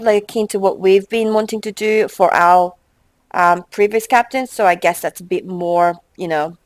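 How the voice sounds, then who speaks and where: A woman's voice: medium pitch, dry recording, low-quality recording. Chatty young woman gaming host, dry close sound. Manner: chatty and exasperated, reads game text with quick asides. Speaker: let's play host. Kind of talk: casual gameplay commentary and reading game text aloud.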